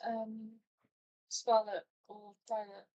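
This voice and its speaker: Brief: gushing woman player, slightly high pitch. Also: takes it slowly, muffled recording. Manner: excitable, gushing. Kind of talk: casual tabletop game chat.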